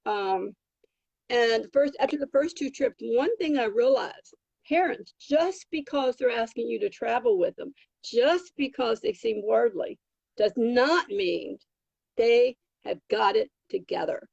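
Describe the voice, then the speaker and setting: Older lady rambling thru nanny stories, lots of ums, gravelly and husky, dull dry recording. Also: a little high, unhurried, darkish tone, dry recording. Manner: rambling, many fillers and restarts. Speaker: guest, travel nanny. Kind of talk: casual anecdotal storytelling.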